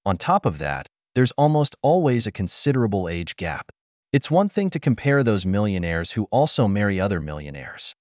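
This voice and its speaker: Blunt low-voiced male commentary host. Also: very animated, moderate pace, darkish tone, no echo, studio quality. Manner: blunt and opinionated. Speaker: channel host. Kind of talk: scripted commentary narration.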